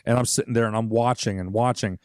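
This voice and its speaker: A man's voice: medium pitch, quick pace, smooth, dry recording, studio quality. A man in his forties co-hosting a podcast, telling a childhood holiday story in casual chat, swearing freely and acting out what people said. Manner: animated, swears a lot, acts out quoted voices. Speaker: podcast co-host.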